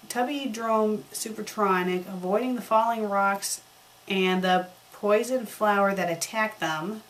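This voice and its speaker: A woman's voice: medium pitch, poor audio. A woman reviewing fanfiction, reading it aloud with sarcastic, exasperated acting. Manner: exasperated, sarcastic, acts out lines. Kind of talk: comedic dramatic reading.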